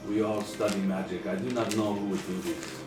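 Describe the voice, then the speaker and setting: A man's voice: lowish voice, fairly even intonation, far from the mic, lightly acted. A man voicing a grieving male dwarf mage, speaking formally with a put-on German accent, in an echoey room with music playing. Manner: grieving, halting, formal speech. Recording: echoey backyard or living room with music behind.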